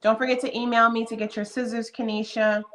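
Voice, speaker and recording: This is a woman in her fifties hosting a casual live stream. Her voice is bright and pitched a little high. She chats in a friendly, upbeat way, welcoming viewers one after another. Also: level tone, fairly quick. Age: 50s. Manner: greets viewers by name, chatty and upbeat. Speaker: livestream host.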